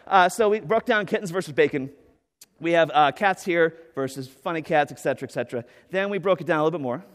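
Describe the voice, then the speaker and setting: A man giving an enthusiastic, joking conference talk on stage, with lots of "right?" and quick asides. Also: a little high. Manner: animated, enthusiastic, jokey with frequent "right?" and fillers. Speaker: conference speaker. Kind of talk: energetic conference keynote. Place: large conference hall. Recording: echoey hall with long reverb.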